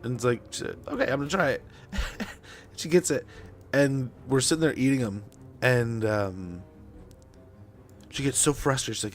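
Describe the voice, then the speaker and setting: A young man with a mid-range voice chats casually at a normal speed while playing a strategy game on stream. He rambles and uses lots of fillers.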